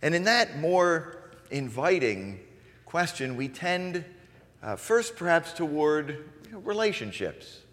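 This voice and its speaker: A male pastor delivers a sermon in a church sanctuary, his pitch rising and falling freely as he acts out different ways of asking a question. The long reverb of the hall trails after each phrase. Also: takes it slowly. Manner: lively, acts out questions with varied inflection.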